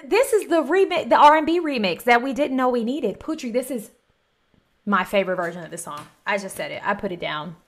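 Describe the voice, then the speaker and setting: A woman's voice: fairly high pitch, expressive, fairly quick. A woman reacting to a music performance in a gushing, exclamatory way, talking over the song. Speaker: music reaction video host. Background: music playing.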